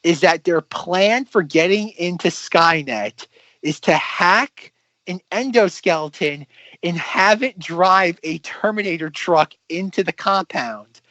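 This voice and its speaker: A man co-hosting a casual film podcast, talking in a rambling, animated way and acting out mock quotes. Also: high-pitched, takes it slowly, dry recording. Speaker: podcast co-host. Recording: dull lo-fi dry podcast audio.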